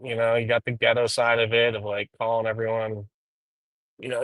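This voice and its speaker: A man's voice: medium pitch, little pitch movement, normal speed, long pauses, fairly bright tone, dry recording, poor audio. A man streaming live while driving, rambling through profane drama commentary with frequent ums. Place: inside a car.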